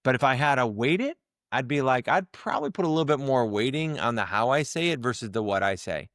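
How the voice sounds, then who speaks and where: Animated man explaining with examples. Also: mid-range voice, a little fast, no echo, studio quality. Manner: animated, explains through examples and acted-out tones; many restarts and repeated words. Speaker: guest, leadership communication coach. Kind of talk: casual podcast interview.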